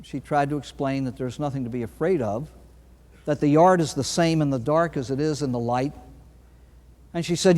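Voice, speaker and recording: A man, a priest, giving a recovery talk full of anecdotes, telling his stories dramatically with long pauses and sudden emphasis. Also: fairly high pitch, darkish tone. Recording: long hall reverb.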